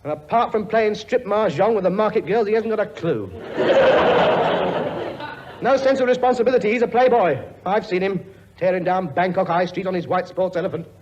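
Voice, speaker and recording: A man's voice: high voice, normal speed, a loud crowd, very noisy, natural voice. An actor playing a pompous, blustering king with a sarcastic, grumbling working-class manner in a 1950s radio comedy. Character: blustering pompous male king, bossy and weary. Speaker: lead comic actor. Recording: dull old broadcast recording with audience laughter. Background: studio audience laughing.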